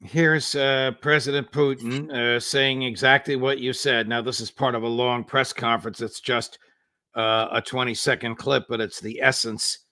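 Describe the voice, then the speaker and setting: Gravelly, bright-toned male host. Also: mid-range voice, steady tone, moderate pace, dry recording. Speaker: show host. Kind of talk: interview hosting.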